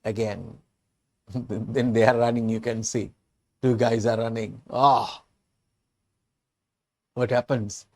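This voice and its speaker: A man with a Sri Lankan English accent, an English teacher walking learners through a storybook with slow, repetitive explanations. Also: medium pitch, fairly even intonation.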